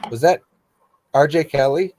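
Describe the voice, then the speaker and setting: A man's voice: a little high, moderate pace, darkish tone, a little hiss or hum. A man in casual group chat on a podcast, easygoing and laughing often. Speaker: podcast co-host.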